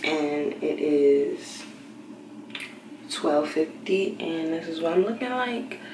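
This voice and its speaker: A young woman chats through her nighttime routine in a hushed half-whisper, with a relaxed lilt. Her fairly low voice sits a bit back from the phone mic. The bathroom gives it a noticeable echo. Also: takes it slowly, noisy background. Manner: hushed, half-whispering so as not to wake anyone. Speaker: beauty vlogger. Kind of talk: late-night casual vlog. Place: bathroom at home. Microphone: handheld phone camera. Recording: roomy, slightly distant phone audio.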